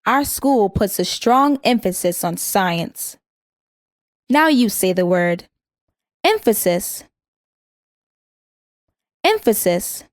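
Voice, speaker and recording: A woman with a mid-range voice reads vocabulary definitions in a calm, measured way. She says each word twice so learners can repeat it. The recording is dry and close, with no room sound. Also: medium pitch, dry recording. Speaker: vocabulary instructor. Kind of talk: scripted vocabulary lesson.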